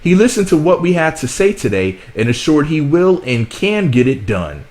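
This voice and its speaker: A man doing a mocking impression of a rapper, pitched well above his own voice. The delivery is upbeat and exaggerated, teasing the post it reads. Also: big pitch swings, moderate pace, a little mellow.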